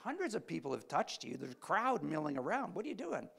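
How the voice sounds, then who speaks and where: A man's voice: a little high, big pitch swings, a little fast, gravelly, fairly bright tone, slightly rough, voice pushed up, full character voice. A preacher voicing exasperated male disciples who cannot believe the question. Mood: incredulous.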